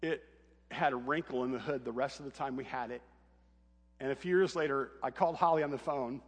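In a large hall, a middle-aged male pastor with a mid-range, slightly breathy voice moves briskly through a humorous family anecdote in his sermon. He brings it to life by performing each character's lines.

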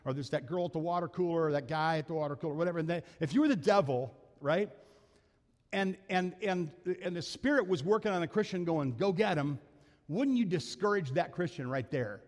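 A man's voice: fairly high pitch, lively intonation, brisk, big-room sound. A man preaching a sermon as pastor, telling personal stories in a conversational, self-deprecating way, laughing often. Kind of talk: sermon storytelling. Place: church sanctuary.

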